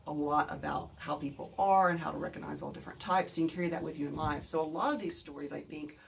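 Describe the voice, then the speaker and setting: A woman's voice: low-pitched, fast, gravelly, far from the mic. A woman in her forties with an Alabama accent, hosting a casual book video; she rambles, digresses and swears freely while talking straight to her viewers.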